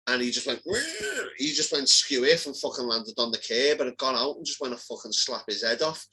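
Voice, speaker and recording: Bright-voiced sweary Liverpool man. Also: mid-range voice, fast talker, a little hiss or hum, low-quality recording. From Liverpool, England. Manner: sweary, animated storytelling. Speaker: co-host. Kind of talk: casual chat.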